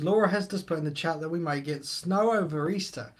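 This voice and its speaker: A man's voice: high-pitched, fairly quick, few pauses. A middle-aged man, hosting a live stream and chatting casually while reading the chat aloud.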